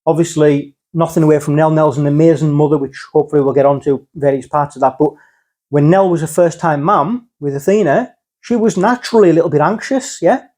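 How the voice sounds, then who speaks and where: A man's voice: on the high side, brisk, mellow. A middle-aged man from England, talking casually as a guest and checking in with "okay?" and "yeah?" as he explains. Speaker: podcast guest, father. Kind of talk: casual conversation.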